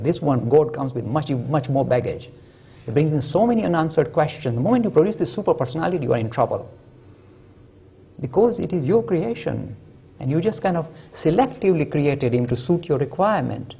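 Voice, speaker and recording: A man's voice: on the high side, vocal fry, husky, muffled recording. A man giving a public lecture, storytelling with humor and emphatic delivery.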